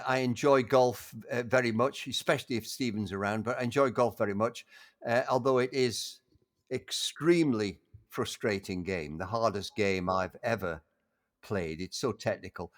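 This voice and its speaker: An older man reminiscing in a casual conversation, halting with frequent restarts and warmly enthusiastic. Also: mid-range voice. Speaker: interview guest.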